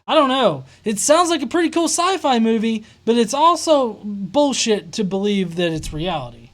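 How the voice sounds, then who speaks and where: A man's voice: very high voice, expressive, normal speed. A man hosting a reaction commentary, sarcastic and exasperated, swearing often. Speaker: host reacting to a video.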